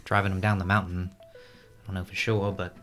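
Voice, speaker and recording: A man's voice: low voice, little pitch movement, moderate pace, fairly bright tone. A man playing a tabletop game, speaking in an easygoing way and offering tentative suggestions. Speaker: player. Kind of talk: in-character tabletop play.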